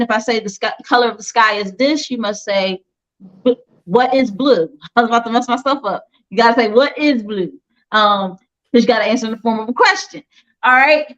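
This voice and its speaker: A woman's voice: a little high, fairly bright tone, lo-fi sound. A woman hosting a casual online quiz show, playful and teasing with the players. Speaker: game show host.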